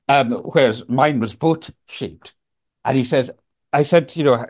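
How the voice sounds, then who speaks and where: An older man tells stories in an unhurried, reflective way, pausing on ums and restarting phrases. His voice sits at an ordinary middle pitch and comes across a video call from his office. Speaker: guest. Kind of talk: storytelling in a conversational interview.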